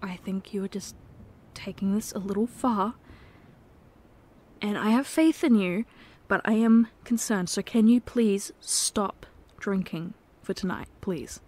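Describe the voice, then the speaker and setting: Slow, soft-spoken woman in whispered role-play. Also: mid-range voice. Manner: soft-spoken, shifting between hushed pleading and sharp exasperation; swears when frustrated. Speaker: ASMR role-play performer.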